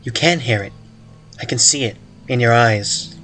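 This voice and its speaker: A man's voice: mid-range voice, moderate pace, bright, forceful tone, soft background music. Man reading a story with joking asides. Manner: joking, self-interrupting, stumbles and hiccups. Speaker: reader of a story game. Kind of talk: casual read-aloud with asides.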